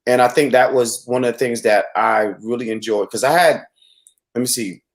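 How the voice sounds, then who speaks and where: A man's voice: mid-range voice, moderate pace. A man, the host, speaking in an earnest, reflective way with frequent restarts. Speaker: host and venue owner. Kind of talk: casual chat.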